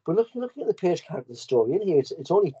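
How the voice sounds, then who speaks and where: A British man talks quickly as a guest in a casual comics chat, often repeating words as he restarts. The recording is dull and muffled. It is also dry, with no room sound. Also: fairly high pitch, big pitch swings, dark tone, husky, dry recording. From United Kingdom. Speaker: podcast guest.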